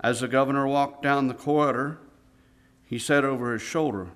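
A man preaching a sermon, telling a story dramatically, swinging between hushed and loud delivery. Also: mid-range voice, fairly even intonation, moderate pace.

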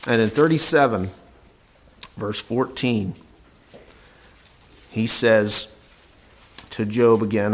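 A man's voice: fairly low pitch, slow pace, pauses often. A man preaching a sermon, reading old-fashioned scripture verses aloud and then explaining them in plain words with frequent restarts.

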